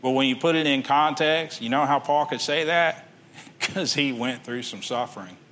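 A man's voice: mid-range voice, normal speed, a bit bright. A man preaching a sermon, reading scripture aloud and then explaining it in plain everyday talk.

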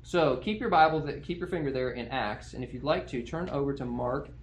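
A man's voice: medium pitch, fairly quick. A male pastor preaching an expository sermon in a conversational way, often checking in with his listeners through rhetorical questions.

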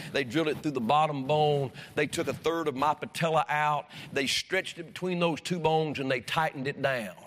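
Man, high voice, pastor, folksy storyteller turned fervent preacher; church hall with long reverb. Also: a bit bright. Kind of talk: sermon. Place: church sanctuary.

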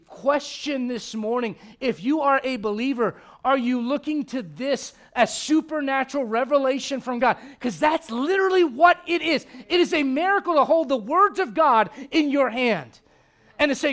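A man with a notably high voice preaches a sermon, pressing his points with emphatic rhetorical questions. He speaks as a pastor addressing his congregation. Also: lively intonation, moderate pace, a bit bright. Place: church service before a congregation.

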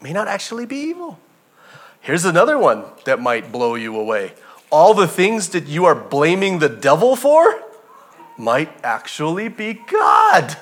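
A man preaching a sermon as pastor, telling stories with animated energy and addressing the congregation as family. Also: on the high side, unhurried.

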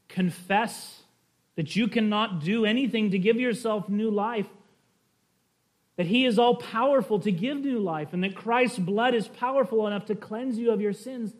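Male pastor, fairly high voice, earnest sermon delivery, addresses the congregation directly. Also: unhurried. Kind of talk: sermon with storytelling.

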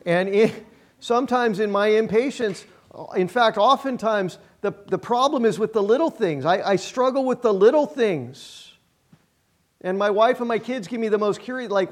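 A man's voice: high-pitched, normal speed. A middle-aged male pastor preaching a sermon in a conversational, self-deprecating way, repeating phrases for emphasis.

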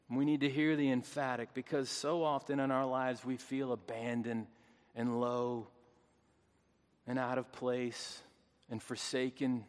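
A man preaching a sermon as pastor, swinging between hushed, tender lines and loud, fervent calls. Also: mid-range voice, fairly even intonation, unhurried, clear, resonant tone. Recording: long hall reverb.

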